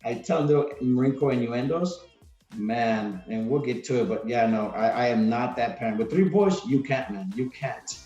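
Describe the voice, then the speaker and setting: A man's voice: medium pitch, lively intonation, normal speed, mellow, faint music behind. Man around forty rambling along in a podcast chat, lots of restarts, roomy kinda dull sound. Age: 40s. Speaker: podcast guest, retired Marine. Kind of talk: casual interview chat.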